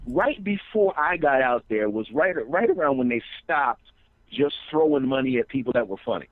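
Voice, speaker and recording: A man's voice: mid-range voice, animated, moderate pace, no echo, phone-quality sound. A man, a comedian guest, telling stories in an interview, rambling with restarts and acting out quotes. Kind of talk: storytelling interview chat.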